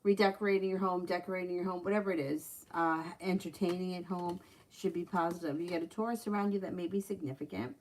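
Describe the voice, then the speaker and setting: A woman's voice: lowish voice, darkish tone, a little hiss or hum. A woman running a live-stream tarot reading, chatty and blunt, swearing freely when something annoys her. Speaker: tarot reader.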